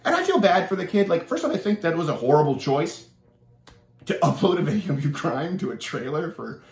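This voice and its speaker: A man's voice: fairly high pitch, a little fast, echoey room. A young man from Canada, hosting his show with an opinionated, sarcastic monologue full of restarts. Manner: animated, sarcastic, with many restarts. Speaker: show host.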